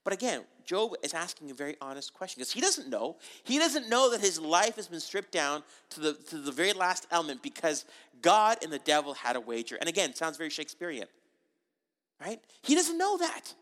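Male preacher, conversational and jokey; bright, forceful, a bit high. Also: lively intonation, a little fast, few pauses. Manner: conversational and joking, many asides and rhetorical questions. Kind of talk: sermon.

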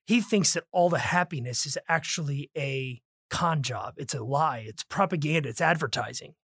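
A man's voice: fairly high pitch, moderate pace, husky, dry recording, clean studio sound. A man co-hosting a podcast, chatting about a book and reading passages aloud with stress on words. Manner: reads quoted passages with stressed words, lively. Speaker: podcast co-host. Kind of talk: casual book discussion with read-aloud passages.

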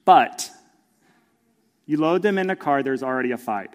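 A man preaching a sermon as pastor in a church, animated and storytelling, acting out voices of his kids. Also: mid-range voice, normal speed, in a large hall.

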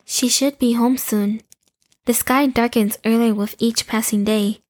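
A woman voicing a young female shapeshifter in an audio drama, speaking in a calm, courteous and measured way. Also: a little high, no echo, close to an everyday voice.

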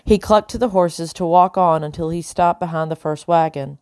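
A woman reads a first-person audiobook in a steady, measured way, her voice sitting a little low. She is close to the mic, and the sound is dry with no room around it. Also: no echo. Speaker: audiobook narrator.

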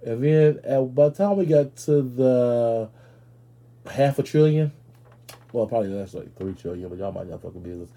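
A man hosting a podcast in a casual comedic monologue. He is brash and profane, talks straight to his listeners, and jumps into loud, high-pitched outbursts. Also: animated, moderate pace. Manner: addresses listeners directly. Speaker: podcast host.

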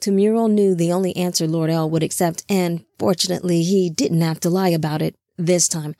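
A woman narrating an audiobook in an even, measured reading. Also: fairly low pitch, no room sound, studio quality.

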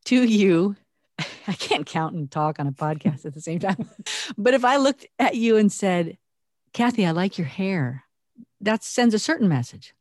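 A woman co-hosting a podcast, talking earnestly and reflectively with animated emphasis. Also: mid-range voice, unhurried, no echo, studio quality. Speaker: podcast co-host. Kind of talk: conversational podcast talk.

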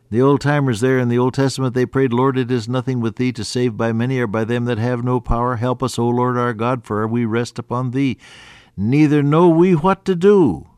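A man preaching an earnest sermon, quoting scripture in old-fashioned wording and rising, then dropping to a hushed voice. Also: mid-range voice, no room sound, studio quality. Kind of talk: radio sermon.

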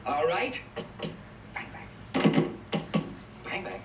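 A man's voice: drawn-out words, over music. An actor playing a frazzled middle-aged New York man who is cracking up, ranting and complaining in a film clip. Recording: roomy distant film audio with faint noise.

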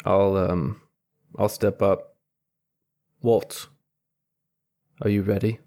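Male player, low voice, slow and halting, quiet guitar in the background. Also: level tone. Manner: halting, filler-heavy. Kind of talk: describing character actions in a tabletop game.

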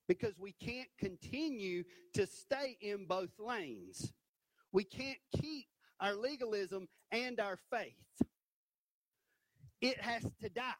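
A man preaching a sermon from a church stage, animated and emphatic, punctuating points with "right?". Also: high voice, no echo, poor audio. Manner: animated, rising to emphatic peaks with repeated "right?".

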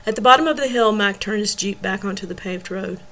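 A woman reading a novel aloud in steady storytelling narration. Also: mid-range voice, brisk, rough recording. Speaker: audiobook reader.

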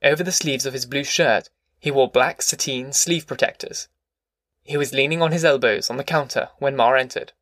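Male audiobook narrator, measured, dry studio sound. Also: mid-range voice, fairly bright tone, no room sound. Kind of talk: scripted narration.

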